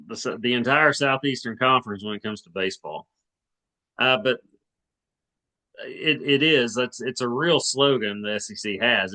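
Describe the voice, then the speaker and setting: On a sports podcast, a co-host of about forty from Arkansas chats casually, rambling with many restarts and hedges. His voice is medium-pitched, bright, and forceful in tone.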